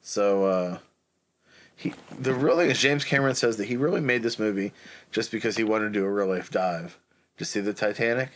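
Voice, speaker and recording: A man's voice: fairly low pitch, a little fast, fairly bright tone. A man co-hosting a podcast, reading out movie trivia in a casual, chatty way. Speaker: podcast co-host.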